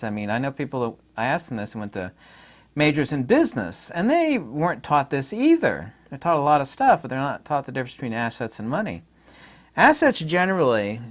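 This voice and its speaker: Middle-aged male host, casual opinionated talker, rambles with asides, mid-pitched. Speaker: channel host. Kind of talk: casual monologue to camera.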